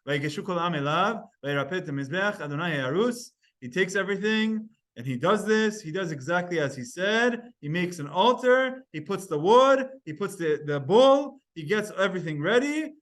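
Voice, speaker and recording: High-voiced man teaching a Talmud class. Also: moderate pace, few pauses. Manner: reads Hebrew verses and translates them in lively storytelling. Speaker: Torah teacher.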